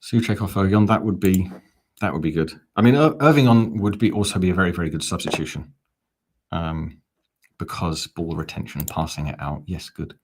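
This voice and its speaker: Low-voiced man chatting through a watch-along. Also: brisk, slightly rough. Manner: chatty, reads out viewer comments, dry asides. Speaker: fan commentator, watch-along host. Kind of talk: live-stream watch-along chat.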